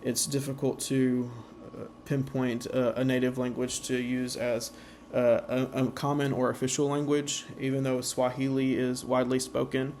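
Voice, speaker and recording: A man giving an informal slideshow presentation, halting with many fillers and slowing down to sound out example words. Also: mid-range voice, little pitch movement, darkish tone, slight background noise.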